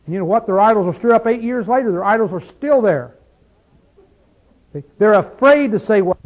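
A man teaching a Bible study like a sermon, fervent, firing rhetorical questions and dropping from loud to hushed. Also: high-pitched, animated, a little fast, dull audio.

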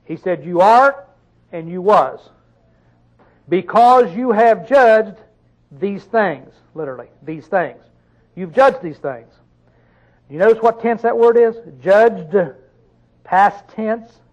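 Male preacher with a high voice; sermon delivery, questioning listeners, with sudden loud emphatic bursts. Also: expressive, low-quality recording. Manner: reads scripture slowly and drawn out.

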